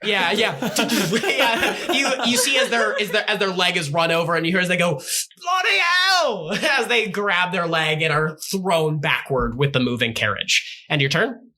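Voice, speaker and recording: Bright-toned game master man, brisk narration. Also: high voice, slight background noise. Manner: laughs often while narrating.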